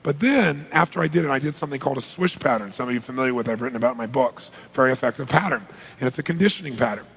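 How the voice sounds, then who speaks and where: A man's voice: medium pitch, rapid-fire, vocal fry, fairly bright tone, slightly rough, long reverb tail. A man giving a motivational seminar, telling stories energetically, acting out dialogue and asking the audience questions. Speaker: motivational speaker. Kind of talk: live seminar storytelling. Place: large seminar hall.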